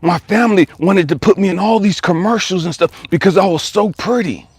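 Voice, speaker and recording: A man's voice: high-pitched, fairly quick, husky, dry recording, voice pushed up. A man retelling a tearful young woman's words, with a raised, pleading voice in a dry setting. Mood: confiding. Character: tearful young woman confiding past abuse.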